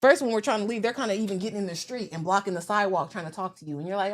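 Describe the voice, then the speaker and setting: An American woman, a podcast guest, telling stories in a lively, slangy, casual way. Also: mid-range voice, fast talker, few pauses. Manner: animated storyteller, slangy. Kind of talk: casual chat.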